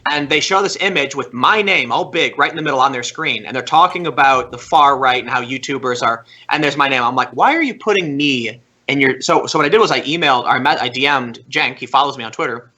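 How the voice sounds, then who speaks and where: Bright, animated young man telling a story. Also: mid-range voice, muffled recording. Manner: rapid, animated, with many fillers and restarts. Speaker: podcast guest. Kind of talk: casual chat, animated storytelling.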